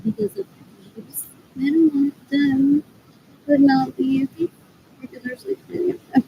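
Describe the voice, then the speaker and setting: Talking to camera without a script, a woman rambles distractedly, her halting speech drifting into trailing half-sentences and a repeated muttered phrase. She sits high with lively intonation and vocal fry; the audio has cut-off highs and a little hiss or hum.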